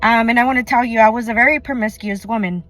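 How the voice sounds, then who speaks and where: A woman's voice: on the high side, fairly even intonation, fast, a bit bright, faint music behind. A woman telling a personal faith testimony in an earnest, chatty way, often saying "like" and acting out what others said. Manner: earnest, chatty, full of "like" and quoted dialogue. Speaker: faith vlogger.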